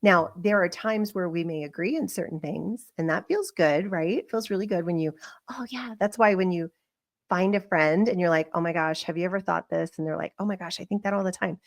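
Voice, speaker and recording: A woman's voice: on the low side, fairly quick, gravelly. A middle-aged woman hosting a podcast, talking candidly in a reflective, conversational monologue and acting out bits of remembered dialogue. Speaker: podcast host.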